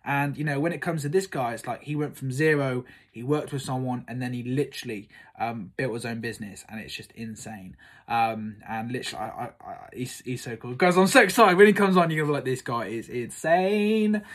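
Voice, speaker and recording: A young man speaking to camera in a casual, excited monologue, gushing, full of fillers and repeats, and jumping high to act out quotes. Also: brisk. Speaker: summit organiser vlogging.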